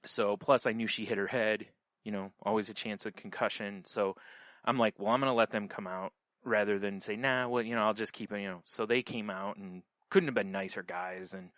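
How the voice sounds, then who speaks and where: A man's voice: lowish voice, steady tone, a little fast, a bit bright, no room sound. A man co-hosting a podcast, telling a story in casual chat, rambling with lots of fillers and restarts. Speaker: podcast co-host.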